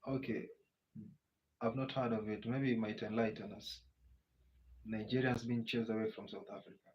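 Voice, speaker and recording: A man's voice: on the low side, fairly even intonation, moderate pace. A Kenyan man with a Kenyan English accent hosting a casual live Q&A, reading out viewer comments and answering them in a chatty way. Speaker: livestream host. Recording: muffled lo-fi audio with faint background noise.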